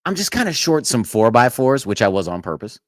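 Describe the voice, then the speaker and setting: Brief: male podcast host, quick-talking storyteller who laughs a lot, close dry mic. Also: mid-range voice, no echo. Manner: animated, laughs through stories, acts out quotes. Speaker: podcast host, former Navy corpsman with Marines. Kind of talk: casual storytelling chat.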